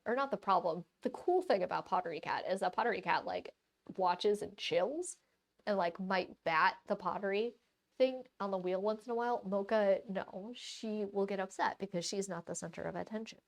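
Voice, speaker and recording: A woman's voice: medium pitch, moderate pace, creaky. A woman art streamer chatting casually and rambling on a live stream while she paints.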